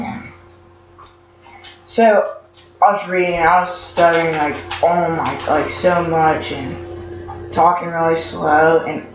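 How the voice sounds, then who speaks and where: Teen boy vlogger, stutters and restarts, filler-heavy rambling, noisy background hiss. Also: a little high. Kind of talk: casual storytelling vlog. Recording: echoey lo-fi room with noise.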